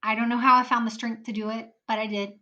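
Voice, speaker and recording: A woman's voice: a little high, level tone, quick pace, bright, forceful tone, highs cut off. A woman on a podcast telling an emotional personal story in earnest, acting out the voices of people in it. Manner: earnest, acts out quoted voices in her story. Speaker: podcast guest.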